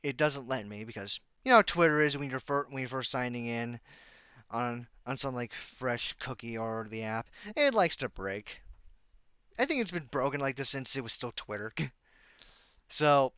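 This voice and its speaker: A man's voice: medium pitch, animated, normal speed, pushed and bright, clean tone, dry recording, dull audio. Man, casual vlog storytelling, sarcastic, exasperated, dry close sound. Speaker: YouTuber.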